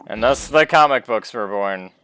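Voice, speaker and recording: A man's voice: fairly low pitch, animated, normal speed, a bit bright, slight background noise. A man musing offhandedly as he comments on a game he is playing. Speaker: let's play host. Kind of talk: casual gameplay commentary.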